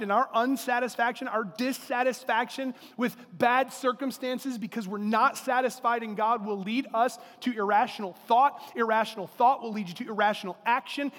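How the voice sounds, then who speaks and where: A high-pitched man delivers a sermon from the pulpit, switching into acted-out voices for the people he quotes. His words ring out with a long reverb from the church hall. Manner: animated preaching with acted-out quotes. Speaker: pastor. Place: church sanctuary.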